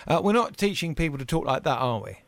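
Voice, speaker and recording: A man with an Isle of Wight accent hosts a radio talk show in a chatty, jokey way. His fairly high voice swoops up and down with lots of life. The studio sound is dry and close. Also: big pitch swings, quick pace, a bit bright, no echo. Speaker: radio presenter. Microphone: studio microphone.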